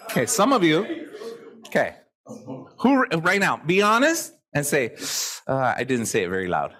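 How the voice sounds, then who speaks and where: Male motivational speaker, high voice, lively swings in pitch, blunt and foul-mouthed, live crowd in a hall. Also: unhurried. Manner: profane, blunt, animated. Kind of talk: live seminar talk to an audience. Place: seminar hall with a live audience. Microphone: handheld microphone.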